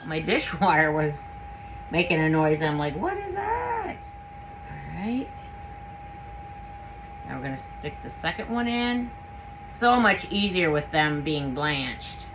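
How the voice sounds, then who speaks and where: A woman hosting a home canning video, chatting casually through a how-to demonstration in her kitchen and gushing with excitement as she works. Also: deep voice, unhurried, background noise. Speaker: home canning channel host.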